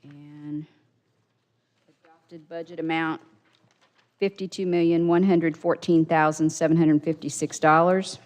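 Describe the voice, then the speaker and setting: A woman's voice: lowish voice, a little mellow. A woman chairing a county council meeting, reading budget figures aloud and running the votes in a businesslike way. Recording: hall reverb.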